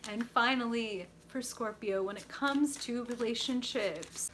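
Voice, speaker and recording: A woman's voice: on the high side, unhurried, a little hiss or hum. A young woman hosting a live tarot reading stream, gushing and enthusiastic as she reacts to viewers. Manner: bubbly, gushing, reacts to chat with excited squeals.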